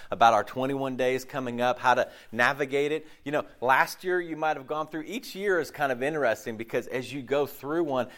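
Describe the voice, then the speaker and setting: A male pastor giving a casual sermon, his voice hoarse and deeper than usual from a lost voice, rambling with many fillers and restarts before a congregation. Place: church service before a congregation.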